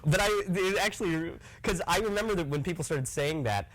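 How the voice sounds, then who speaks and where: A man's voice: on the high side, a little fast, a bit bright, rough recording. A young man as an interview guest, chatting casually in a rambling way and laughing often. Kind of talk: casual chat.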